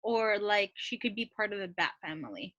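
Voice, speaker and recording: A woman co-hosting a podcast, chatting casually and lively, often checking in with "right?". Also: mid-range voice, moderate pace, highs cut off. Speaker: podcast co-host. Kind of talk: casual chat.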